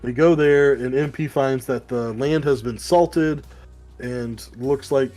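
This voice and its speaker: A man talks through a comic issue in a loose, rambling way, swearing often and slipping into the characters' lines. His voice is mellow and dark, at a middle pitch. Faint music plays in the background. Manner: rambling, profane, acts out characters in quick asides. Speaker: podcast co-host. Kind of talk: casual comic book review chat.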